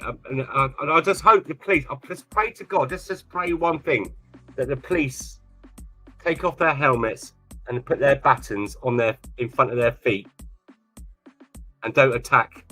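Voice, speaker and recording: A man's voice: mid-range voice, fairly bright tone. A middle-aged man, hosting a casual live stream and chatting in a teasing, talkative way. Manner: chatty, teasing, laughs often.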